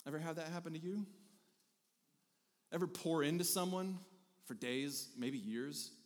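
A pastor delivering a conversational sermon, animated and repeating phrases for emphasis. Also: male voice, on the high side, unhurried. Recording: hall reverb.

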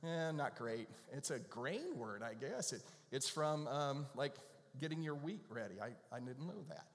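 Chatty middle-aged pastor in echoing church. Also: male voice, mid-range voice, very animated, normal speed, gravelly. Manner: chatty, joking, playful. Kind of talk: casual conversational sermon. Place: church sanctuary. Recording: reverberant church hall.

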